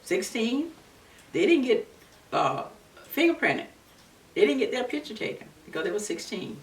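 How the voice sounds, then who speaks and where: A woman in her seventies from Florida, recalling her civil rights days in an earnest, unhurried oral-history telling. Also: a little high, sing-song. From Florida, USA. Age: 70s. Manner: earnest, unhurried storytelling with many restarts. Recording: roomy, distant mic with faint background noise.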